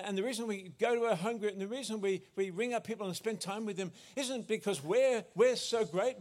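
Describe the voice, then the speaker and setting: A man preaching a sermon as pastor, earnest, often restarting and correcting himself. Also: sits high.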